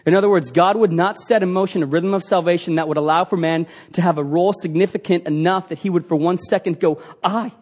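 A man's voice: high voice, steady tone, fast talker, few pauses, darkish tone. A man preaching a sermon as pastor, earnest and emphatic, asking the congregation rhetorical questions.

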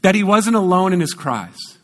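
A man preaching a sermon, emphatic and conversational, repeating key words for stress and correcting himself in quick asides. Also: high-pitched, very animated. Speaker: pastor.

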